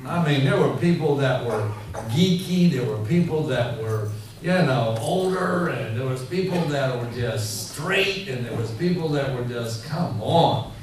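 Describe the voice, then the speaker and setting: A man preaching a sermon in a church, telling stories in an animated, rambling way full of fillers. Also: medium pitch, measured pace. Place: church hall. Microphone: handheld mic. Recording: echoey hall, mic heard from far off, faint noise.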